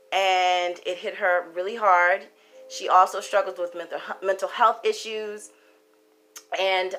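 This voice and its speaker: Storyteller vlogger: young woman, crisp bright tone, emphatic and casual, swears freely. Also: fairly low pitch. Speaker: tarot card reader.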